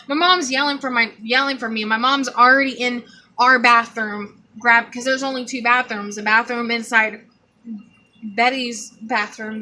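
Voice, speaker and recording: A young woman tells a personal story straight to her viewers in a loose, rambling way, acting out the voices of the people in it. Her voice is bright and sits a little high. A faint hiss of background noise runs under the recording. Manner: animated, rambling, acts out quotes. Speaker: vlogger telling a personal story. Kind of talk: casual storytelling to camera.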